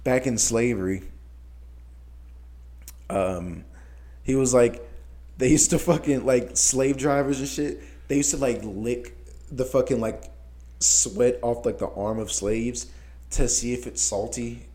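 A man of ordinary pitch tells a long anecdote in loose, casual talk. He swears freely and laughs as he goes, with a lot of animation in his delivery. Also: slow, pauses often. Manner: animated, profane, laughing storyteller. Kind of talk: casual chat, storytelling.

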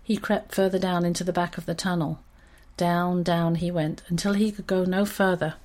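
Woman, storyteller, children's story, expressive reading, lowish voice. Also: normal speed.

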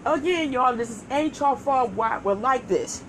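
A woman's voice: high voice, animated, moderate pace, slight background noise, poor audio. A woman co-hosting a show, telling a story in casual chat with profanity and laughter. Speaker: podcast co-host.

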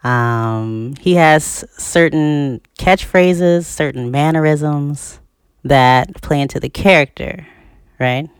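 A woman co-hosting a podcast, explaining her view in a calm, measured way. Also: low-pitched, smooth, dry recording, clean studio sound. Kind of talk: casual podcast chat.

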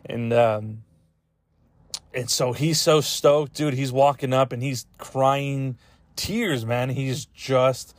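A man's voice: mid-range voice, fairly even intonation, takes it slowly, dry recording. A man in casual podcast chat who rambles with lots of fillers and swearing, choked up and close to tears. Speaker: podcast host.

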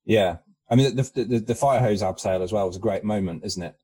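Low-voiced man in halting film chat. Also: dark tone, breathy edge. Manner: halting, repeats words as he searches for them. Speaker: podcast co-host. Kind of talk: casual film discussion.

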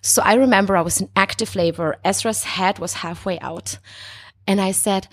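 A woman in her thirties tells a personal story in relaxed podcast conversation. Her voice sits at an ordinary middle pitch, and she keeps it animated, breaking into laughter and voicing her own past lines. The delivery is casual and unscripted. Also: moderate pace. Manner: animated, laughs often, quotes herself in lively voices. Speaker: podcast guest.

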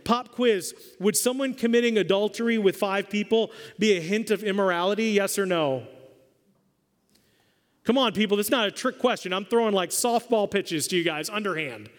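A man's voice: high voice, moderate pace. A man preaching a sermon as pastor, emphatic and quizzing his congregation in a church hall. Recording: long hall reverb.

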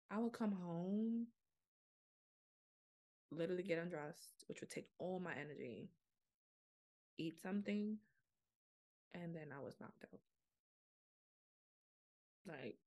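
A young adult woman hosting a podcast, talking frankly and casually to her listeners, full of fillers and quoted self-talk. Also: on the low side. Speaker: podcast host. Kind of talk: candid solo podcast monologue.

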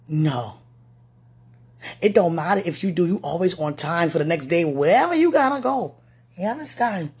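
A woman vlogger rambling affectionately to her viewer in a late-night talk to camera, often trailing off soft. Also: fairly low pitch, big pitch swings, normal speed. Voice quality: very husky, breathy.

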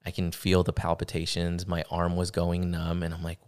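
Low-voiced young man telling a story. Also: completely flat delivery, darkish tone, clear, resonant tone. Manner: halting, many fillers and restarts. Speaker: podcast guest. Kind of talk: casual conversation, personal story.

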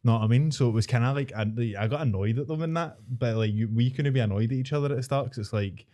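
A man's voice: mid-range voice, fast, mellow. A man, a podcast co-host in casual, sweary chat, telling stories and laughing often.

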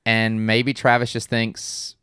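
A man's voice: mid-range voice, completely flat delivery, slow, bright, forceful tone, clean tone, dry recording, studio quality. A man co-hosting a casual movie podcast, retelling scenes and acting out the characters' lines. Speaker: podcast co-host. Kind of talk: casual movie recap chat.

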